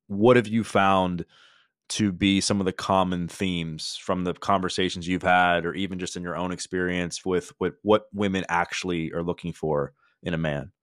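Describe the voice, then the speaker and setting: A man hosting a podcast interview, asking measured, thoughtful questions. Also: sits low, fairly even intonation, no room sound, studio quality. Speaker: podcast host.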